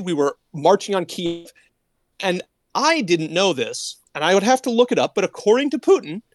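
High-pitched man rambling through commentary. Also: no room sound. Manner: rambling retelling with quoted asides, frequent restarts. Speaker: political commentary host. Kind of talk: casual political commentary.

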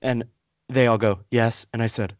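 A man co-hosting a podcast, telling an annoyed story in a casual rant and acting out the people in it with high put-on voices. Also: moderate pace, no room sound. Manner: animated storyteller, acts out others in high voices. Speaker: podcast co-host. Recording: dull lo-fi, dry sound.

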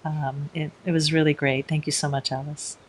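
A woman hosting a podcast interview, speaking gently with frequent hesitations. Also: deep voice, level tone, normal speed, slight background noise. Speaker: host.

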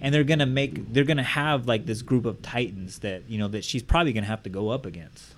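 A man chatting on a podcast, excitable and swearing freely. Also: mid-range voice, quick pace. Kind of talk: casual chat.

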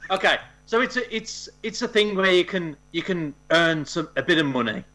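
A man's voice: high voice, a little slow, pushed and bright, soft background music. A man co-hosting a gaming podcast, explaining a listener contest in a giggly, self-deprecating way. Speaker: podcast co-host.

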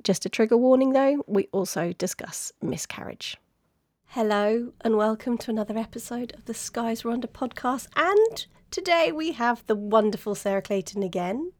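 A woman's voice: on the high side, expressive, a little mellow, no room sound. A middle-aged woman hosting a podcast, chatting in a playful, jokey way. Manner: playful, jokey, quick to laugh. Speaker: podcast host. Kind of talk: casual chat.

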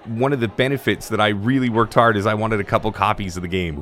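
A man, once a stadium broadcaster and PA announcer, telling a casual, animated story in a conversational way. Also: on the low side, fast, few pauses.

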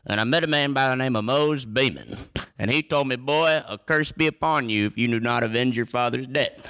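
A man's voice: medium pitch, fairly quick, bright, forceful tone, clear, resonant tone, voice pushed up. A man doing a solemn old frontier lawman.

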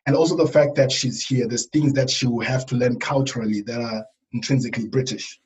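A middle-aged man from Africa speaking thoughtfully in a panel discussion, pausing with fillers. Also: mid-range voice, fairly even intonation, darkish tone, rough recording. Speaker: panel guest. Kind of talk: casual discussion.

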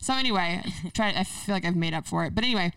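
A woman's voice: lowish voice, fast, clean tone, no echo, far from the mic, low-quality recording. A young woman tells a long story in casual chat among friends. She acts out the voices of the people in it as she goes. She sits a little back from the mic in a dry room. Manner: animated storyteller, acts out quotes.

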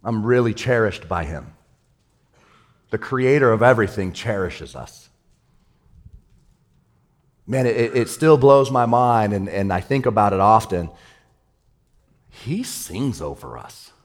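A male pastor giving a sermon in a casual, excitable way, with everyday slang. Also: lowish voice, measured pace, long pauses.

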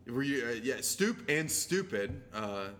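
A man telling animated stories in a casual chat, swearing often and laughing as he talks, with faint noise in the background. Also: mid-range voice, unhurried. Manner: profane, animated storytelling.

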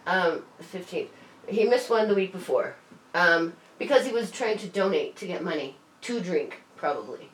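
Casual woman, storyteller who swears and laughs, slightly low voice, set back from the mic in a roomy space. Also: expressive, normal speed, recorded from a distance. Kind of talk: casual chat. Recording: roomy, off-mic, faint hiss.

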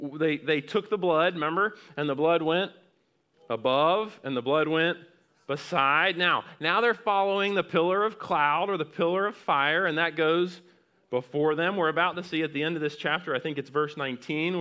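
Male pastor mid-sermon, bright and crisp, slightly high-pitched, drops to a hush then climbs loud. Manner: swings from loud rising exhortation to hushed near-whispers; asks the congregation questions and reads scripture aloud.

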